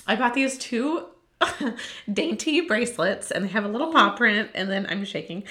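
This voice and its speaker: A woman's voice: medium pitch, lively intonation, moderate pace, pushed and bright, roomy sound. A woman co-hosting a casual podcast, talking emotionally and laughing through her words. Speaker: podcast co-host. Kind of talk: casual chat.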